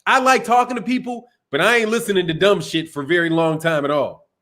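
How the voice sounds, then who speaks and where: A man hosting a boxing channel livestream speaks fast in a high-pitched, steady, fairly bright voice. His talk is loose and profane; he laughs often and reads out super chats.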